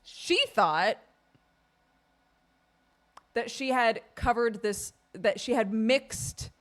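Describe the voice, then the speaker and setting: A woman streamer telling a casual, expressive story to her live chat, acting out quoted speech. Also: fairly high pitch, very slow.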